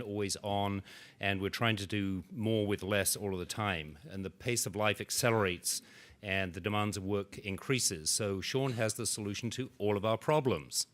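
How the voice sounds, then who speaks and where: A man with a fairly low voice introduces the keynote speaker, reading in a measured, slightly halting way. He talks into a stand microphone in a conference hall. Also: a bit bright.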